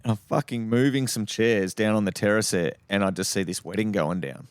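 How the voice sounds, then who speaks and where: A man's voice: lowish voice, fairly quick, clear, resonant tone, no room sound. A middle-aged man from Western Australia with an Australian accent, a podcast guest telling rambling anecdotes full of swearing. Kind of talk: casual storytelling.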